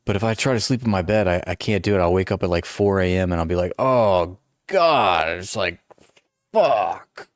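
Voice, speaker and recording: A man's voice: deep voice, steady tone, very fast, hardly any pauses, darkish tone, no room sound, studio quality. A man in his forties chatting casually on a livestream, rambling and self-deprecating with many restarts. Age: 40s. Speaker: livestream host. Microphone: noise-canceling headphones.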